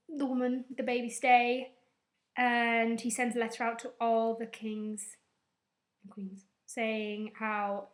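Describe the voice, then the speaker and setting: Young female vlogger, slightly high voice, chatty and rambling recap delivery. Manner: rambling, chatty, casual swearing. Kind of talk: casual episode recap.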